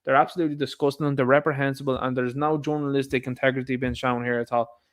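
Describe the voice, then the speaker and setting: A man's voice: mid-range voice, flat delivery, quick pace. Indignant Irish man ranting. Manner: indignant, sarcastic, addresses viewers as lads. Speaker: vlogger, commentator. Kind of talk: ranting news commentary.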